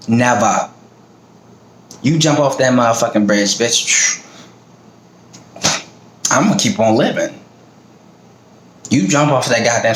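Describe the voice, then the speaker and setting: A middle-aged man from the American South talking in a blunt, profane, fired-up casual monologue. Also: medium pitch. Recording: roomy echo, faint background noise.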